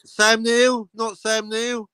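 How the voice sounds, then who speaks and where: Male livestream host, high-pitched and dry-sounding, cracks jokes constantly in casual banter. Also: completely flat delivery, bright, forceful tone, smooth, no echo. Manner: wisecracking, quick-witted.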